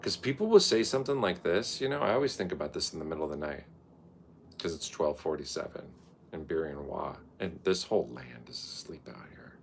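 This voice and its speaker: Low, gravelly man, lively swooping pitch; rambling late-night studio monologue, swears freely, slips into mocking voices. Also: a little fast, slight background noise. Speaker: vlogger. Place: his art studio at night.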